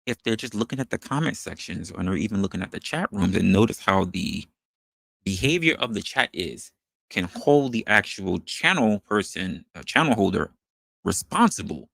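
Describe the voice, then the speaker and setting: A man hosting an opinion show, talking in an animated, rhetorical way and posing questions to his audience. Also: low voice, normal speed, creaky, dry recording, clean studio sound. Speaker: podcast host. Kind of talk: opinion commentary monologue.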